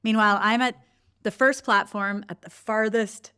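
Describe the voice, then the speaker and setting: A woman's voice: mid-range voice, steady tone, moderate pace, pushed and bright, clear, resonant tone. Canadian woman on a podcast, fills in the backstory, friendly, laughs a lot. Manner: friendly, explains context, laughs often. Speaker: podcast co-host. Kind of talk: casual storytelling chat.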